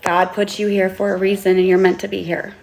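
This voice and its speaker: A woman vlogging an impassioned, tearful monologue as an author, pleading earnestly and sometimes swearing, with halting restarts. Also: medium pitch, monotone, creaky, darkish tone. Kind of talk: emotional vlog monologue.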